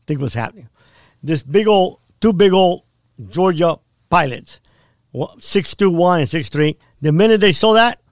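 A man's voice: fairly high pitch, lively intonation, takes it slowly, no echo, clean studio sound. A middle-aged man telling a harrowing personal story in blunt, vivid casual talk, often checking in with "right?". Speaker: podcast guest.

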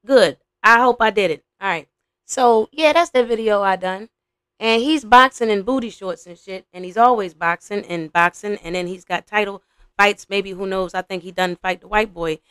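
A young adult woman hosting a podcast, giving blunt, profane, animated reaction commentary. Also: mid-range voice, clear, resonant tone, no room sound, studio quality. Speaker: podcast host.

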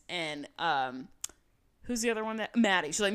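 A woman's voice: fairly low pitch, expressive, normal speed, a bit bright. Chatty woman recapping a reality show. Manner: chatty, dramatic retelling with quoted voices. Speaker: podcast co-host. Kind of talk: casual recap chat.

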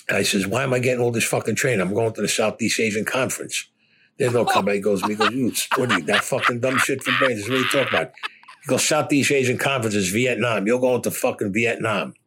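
A little hiss or hum sits under this man's fairly low, slightly bright voice. An older interviewee from Brooklyn, New York, he bluntly shares profane stories of his past, cursing all the way and acting out the dialogue.

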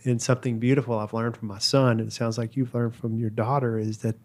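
A man in a relaxed conversation, talking in a thoughtful, earnest way, often pausing and restarting sentences. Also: medium pitch. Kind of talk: reflective casual conversation.

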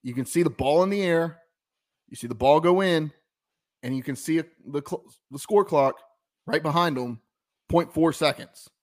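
A man's voice: on the high side, moderate pace. A man with a Southern American accent, co-hosting a casual sports podcast and telling stories with many restarts. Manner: rambling, many restarts, animated storytelling. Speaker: podcast co-host.

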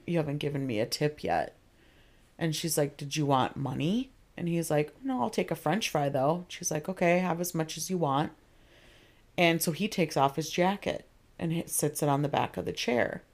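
A young woman co-hosting a podcast, casually retelling TV scenes in quick quoted asides and laughing often. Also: low voice, a little mellow. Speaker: podcast co-host. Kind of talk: casual chat recapping a TV episode.

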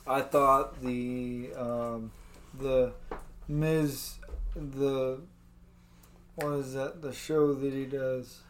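Laid-back man with a flat voice. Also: mid-range voice, extremely slow, pauses often, a little hiss or hum. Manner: laid-back, rambling, says dude a lot. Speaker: co-host. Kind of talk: casual wrestling chat.

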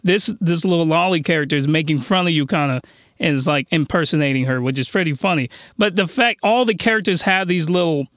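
A man's voice: a little high, a little fast, fairly bright tone, no echo, clean studio sound. A young man chatting enthusiastically through an anime review, laughing and restarting his sentences. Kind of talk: casual review chat.

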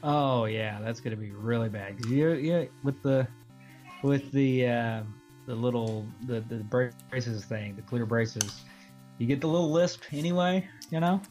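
A man's voice: medium pitch, a little slow, darkish tone, soft background music. A man co-hosting a podcast in casual chat, rambling and going off on tangents. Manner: rambling, goes off on tangents, chuckles often. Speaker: podcast co-host.

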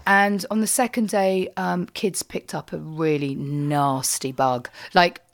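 A woman's voice: lowish voice, steady tone, slow pace. A middle-aged woman chatting as a guest, telling long rambling anecdotes. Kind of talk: casual chat, anecdote.

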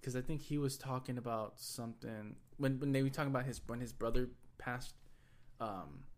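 A man's voice: mid-range voice, normal speed. A man with a Texan accent, co-hosting a casual chat in a rambling, slangy way with lots of swearing. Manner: rambling, swears often, loose slangy talk.

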